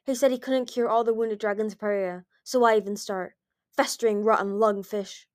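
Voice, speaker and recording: A woman's voice: medium pitch, steady tone, normal speed, no echo, studio quality, lightly acted. A woman reading the part of a scarred, furious young male dragon who snarls and growls his insults, in an amateur storybook reading. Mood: angry. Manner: angry, growling, snaps insults.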